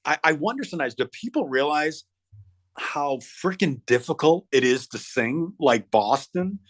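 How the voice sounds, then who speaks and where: A middle-aged man chatting as an interview guest, talking in an animated way and often stumbling over and repeating words. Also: on the high side, moderate pace. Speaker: guest musician. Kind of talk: casual interview chat.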